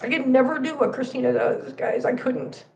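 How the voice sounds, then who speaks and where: A woman's voice: sits high, normal speed, vocal fry, a little mellow, slight background noise. Woman, cat channel host, tearful, emphatic, impassioned, repeats herself, livestream chat.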